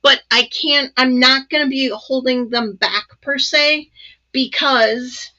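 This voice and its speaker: A woman hosting a casual live crafting demo, chatty and excited, with many ums and asides. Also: sits high, slow pace, highs cut off. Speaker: crafting channel host.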